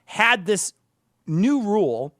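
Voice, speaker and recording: A man's voice: high-pitched, sing-song, takes it slowly, fairly bright tone, no echo, clean studio sound. A man co-hosting a casual podcast chat, profane and laughing, often mimicking others. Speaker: podcast co-host.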